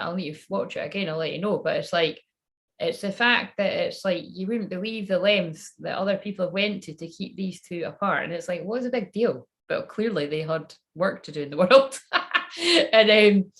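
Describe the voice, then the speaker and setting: Chatty, swearing woman with a lowish voice. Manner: chatty, swears freely, laughs at her own jokes. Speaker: psychic reader channeling messages. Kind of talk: casual rambling monologue.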